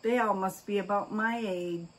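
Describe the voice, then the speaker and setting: A medium-pitched woman's voice at normal speed: an older vlogger chatting casually while going through her fan mail, gushing with oohs, gasps and happy exclamations.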